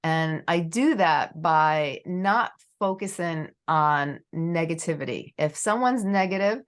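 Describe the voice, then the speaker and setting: A woman's voice: low-pitched, slow. A middle-aged woman hosting a podcast interview in a casual, rambling way, leaning on "you know" a lot. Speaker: podcast host.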